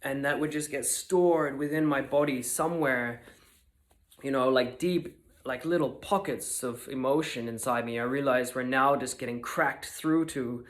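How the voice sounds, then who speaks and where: A man's voice: mid-range voice, measured pace, a bit bright. Earnest young man telling a story. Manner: earnest, confessional, many fillers like "you know" and "like". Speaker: vlogger. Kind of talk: personal storytelling monologue.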